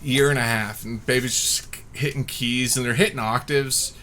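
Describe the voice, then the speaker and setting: A man's voice: medium pitch, steady tone, normal speed, bright, forceful tone, a little hiss or hum. A man co-hosting a casual livestream chat over a video call, laid-back and wry. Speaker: podcast co-host.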